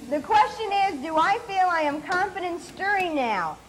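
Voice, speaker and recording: A woman's voice: very high-pitched, lively intonation, rough recording. A middle-aged woman co-hosting a comedy cooking show, bantering and teasing her partner while she stirs. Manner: playful, teasing, quick comebacks. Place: TV studio kitchen with live audience.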